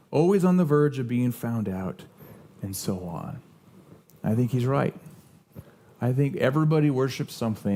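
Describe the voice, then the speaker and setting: In a church sanctuary, a young adult man preaches as pastor with a medium-pitched, darkish voice. He's earnest and conversational, telling personal stories with frequent restarts.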